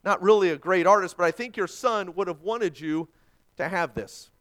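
A man's voice: sits high, normal speed, fairly bright tone. A man voicing a humble, grateful young male soldier, told within a sermon. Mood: earnest. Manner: humble, earnest.

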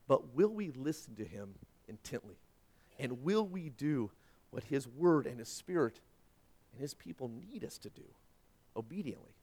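A man preaching a sermon, swinging from loud emphatic peaks down to quiet, low-voiced stretches. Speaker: pastor.

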